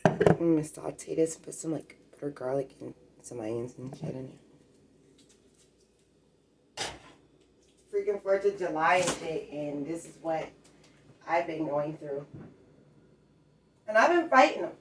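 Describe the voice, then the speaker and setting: A woman's voice: deep voice, lively intonation, unhurried, long pauses, background noise. A woman in a rambling, agitated and profane casual vlog rant, talking at home in her apartment while cooking.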